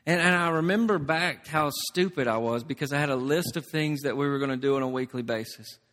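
A man preaching a sermon as pastor, shifting from soft, intimate stretches to loud, emphatic ones. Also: a little high, a little fast. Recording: long reverb of a large hall.

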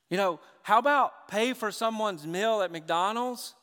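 A man with a notably high voice delivers a sermon from the pulpit. His preaching is animated, dropping low and quiet, then rising loud and emphatic. A long church-hall reverb trails behind every phrase. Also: unhurried, hardly any pauses, clear, resonant tone. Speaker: pastor.

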